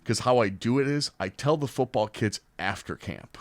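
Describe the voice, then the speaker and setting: A man's voice: medium pitch, moderate pace, no room sound. A young man, a podcast guest telling stories in casual chat and acting out the voices of other people. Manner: animated storyteller, acts out quoted voices loudly.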